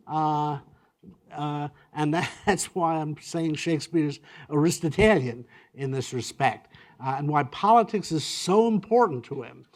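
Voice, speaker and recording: A man giving a university lecture, talking in a halting way with many fillers and restarts. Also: a little high, expressive.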